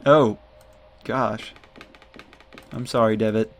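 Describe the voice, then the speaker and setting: A man's voice: on the low side, steady tone, slow, faint music behind. A man casually commenting while playing a story game and chatting to his viewers. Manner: chatty, reads game text aloud, talks to viewers. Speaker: let's play gamer.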